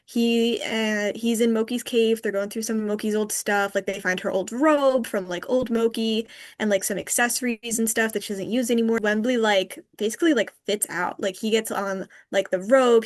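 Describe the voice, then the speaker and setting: A woman's voice: a little high, steady tone, moderate pace. A woman hosting a podcast, recapping an episode in casual chat, full of likes and ums. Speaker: podcast host.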